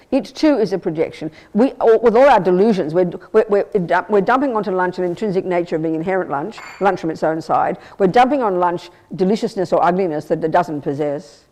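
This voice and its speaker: A woman's voice: on the low side, dark tone. An older woman, a Buddhist nun, giving an emphatic teaching, repeating and restarting phrases as she explains. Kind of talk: dharma teaching. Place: meditation centre hall.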